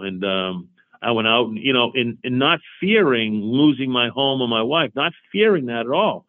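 In his forties and speaking as an interview guest, this man shares his own story with a medium-pitched, animated voice at a moderate pace. He is earnest and repeats himself, playing out both sides of old conversations. The audio is narrow and tinny.

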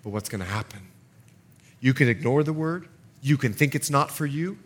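A man preaching a sermon in an animated way, acting out little asides for the congregation. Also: medium pitch, normal speed. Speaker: pastor.

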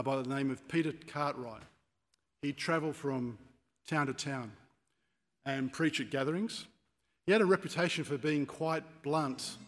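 A man preaching a sermon, telling stories and acting out quoted speeches with rising force. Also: mid-range voice. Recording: long church reverb.

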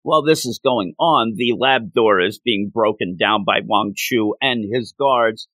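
Animated man retelling a comic story. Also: lowish voice, dry recording. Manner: animated, jumps into quick voices for characters. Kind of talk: casual comic-book retelling.

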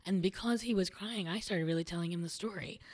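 Low-voiced woman telling a story. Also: fast, a little mellow. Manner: storytelling, reflective, laughs easily. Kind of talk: conversational podcast chat.

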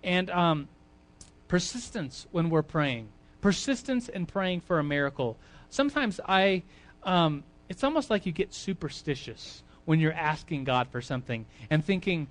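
Chatty male preacher, slightly high voice. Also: animated, normal speed. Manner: chatty, conversational, with frequent fillers; swings between quiet asides and loud emphasis. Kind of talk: informal sermon.

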